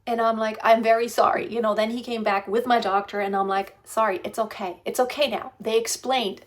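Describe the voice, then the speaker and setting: A woman's voice: a little high, fairly even intonation, a little fast. Woman in her fifties, chatty and rambling, casual vlog, phone mic. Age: 50s. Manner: chatty, rambling, many restarts and fillers. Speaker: vlogger. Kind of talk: casual pregnancy vlog storytelling. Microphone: phone propped on a stand.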